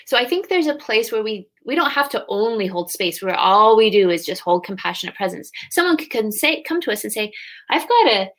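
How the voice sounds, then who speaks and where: A woman's voice: mid-range voice, fairly quick, few pauses. A woman in her thirties speaking as a guest in an interview, earnest and reflective, acting out parents and children as she explains. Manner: earnest, animated when acting out parents and kids. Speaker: guest, grief companion trainer. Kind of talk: conversational interview.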